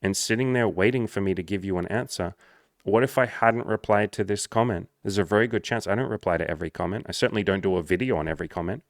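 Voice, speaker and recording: A man who works as a social skills coach talks straight to camera, blunt and profane, telling stories in an animated way. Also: lowish voice, fast talker, dry recording, studio quality. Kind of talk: direct-to-camera monologue.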